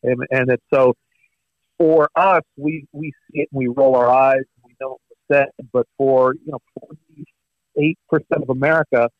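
Man on a dull remote line, halting. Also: mid-range voice, fairly even intonation, no echo. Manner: halting, many restarts and fillers, earnest. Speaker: guest media commentator. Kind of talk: conversational political talk.

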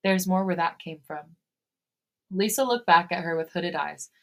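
Woman podcast host, lowish voice, reads fan fiction aloud, steady delivery. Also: moderate pace. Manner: reads steadily, breaks into laughter.

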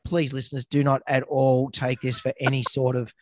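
A man's voice: medium pitch, monotone, normal speed, no room sound. An Australian man co-hosting a vet podcast, telling a rambling story in a casual, joking way over a remote call. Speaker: veterinarian podcast co-host. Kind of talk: casual chat. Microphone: remote call recording.

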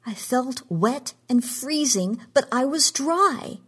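A frightened, desperate woman pleads for answers, her husky voice pitched up and straining, as a woman reading a story gives her voice. She sounds anxious in a storybook reading. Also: animated, measured pace, a little mellow. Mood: distraught.

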